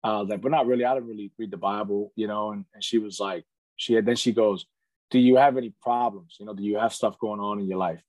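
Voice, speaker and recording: Man, 30s, podcast guest, earnest storyteller, lowish voice, dry close sound. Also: steady tone, quick pace, a little mellow, no room sound. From United States. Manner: earnest, fills speech with "man" and "you know". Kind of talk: candid storytelling in casual conversation.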